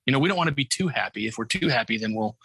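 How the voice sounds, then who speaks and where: A man's voice: medium pitch, expressive, rapid-fire, fairly bright tone, husky, no echo. A man hosting a conversation, responding in an affirming, emphatic way. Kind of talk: casual conversation.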